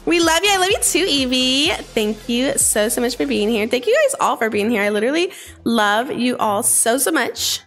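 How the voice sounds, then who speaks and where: Bubbly high-voiced woman streamer. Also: normal speed. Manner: bubbly, chatty, excitable with sudden squeals. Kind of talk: live game stream chat. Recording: faint game music behind.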